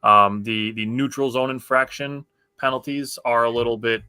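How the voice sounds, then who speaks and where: Bright-voiced man hosting a casual sports chat. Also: mid-range voice, fairly even intonation, clear, resonant tone, no echo. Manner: quick, self-correcting, steers the conversation. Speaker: podcast host. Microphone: remote call.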